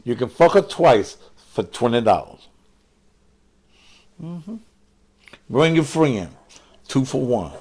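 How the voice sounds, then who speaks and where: Very animated yet slow, with frequent pauses, the voice of this older man is medium in pitch, darkish, and edged with breath. He hosts an online show where he crudely curses, taunts, and mocks commenters in a combative, profane live-stream rant.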